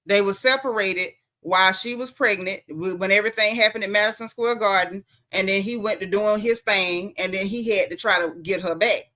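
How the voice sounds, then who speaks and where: A woman's voice: medium pitch, moderate pace, few pauses, pushed and bright. A woman from the American South with a Southern accent, chatting emphatically through a casual livestream recap as host. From Southern United States. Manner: chatty, emphatic, colloquial with lots of slang. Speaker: host recapping a reality show.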